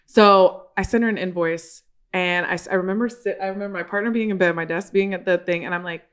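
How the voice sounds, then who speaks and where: A woman's voice: on the low side, quick pace, smooth. A woman in the guest seat of a casual podcast chat. She tells her story with energy, acting out each exchange in quoted voices and dropping the odd swear word. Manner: animated, acts out quoted dialogue, swears casually.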